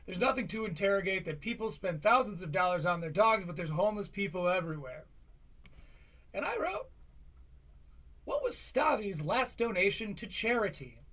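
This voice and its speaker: High-voiced man ranting sarcastically. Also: a bit bright. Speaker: streamer reviewing a podcast. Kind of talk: live stream rant.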